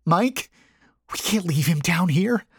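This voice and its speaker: A man's voice: sits high, lively intonation, slow, slightly rough, no echo, studio quality, pitched above the performer's own voice, heavily acted. A man voicing a frightened young woman who whispers urgently and desperately in a spoken horror story.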